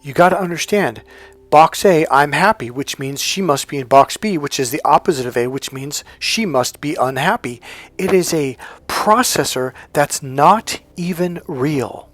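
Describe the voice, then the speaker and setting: Animated self-help coach, man. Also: fairly high pitch, measured pace, no room sound. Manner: animated storytelling, breaks into loud acted-out dialogue; frequent restarts and stumbles. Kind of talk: casual motivational monologue with personal story.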